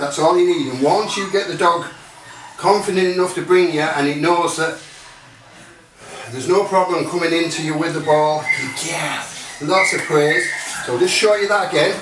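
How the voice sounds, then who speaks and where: A man's voice: a little high, moderate pace. Man demonstrating dog training, far from mic. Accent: Northern English. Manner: instructive, breaks off to give the dog commands. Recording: distant mic, roomy and noisy.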